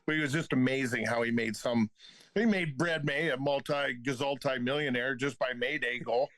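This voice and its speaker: As a podcast guest, a retired hockey enforcer in his fifties tells casual stories packed with profanity and laughter. His voice is mid-range, steady, and fairly bright, he speaks at a normal speed, and the recording is dry.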